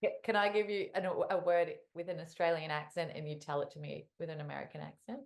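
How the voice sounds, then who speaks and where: A woman hosting a podcast interview, enthusiastic and quick to laugh as she asks questions. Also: sits low, little pitch movement, creaky. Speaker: podcast host. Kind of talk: casual interview chat.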